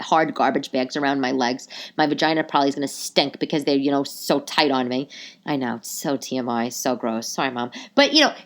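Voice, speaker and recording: A middle-aged woman hosts her own solo podcast, chatting casually and telling rambling stories packed with asides. Her low voice is a bit bright and slightly nasal from a cold.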